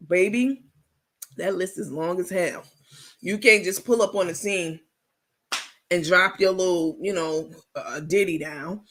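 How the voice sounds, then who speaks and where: Gravelly, sassy woman hosting a late-night stream. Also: fairly low pitch, fairly bright tone. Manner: sassy, salty, quick to laugh; reads and answers viewer comments. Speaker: livestream host. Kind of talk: casual late-night livestream chat.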